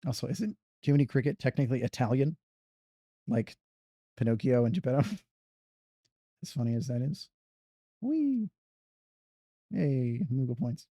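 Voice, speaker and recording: A man's voice: medium pitch, moderate pace, long pauses, mellow, no echo. A man giving casual commentary on his own speedrun, muttering and thinking aloud as he plays from his couch. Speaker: speedrunner streamer. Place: living room on couch.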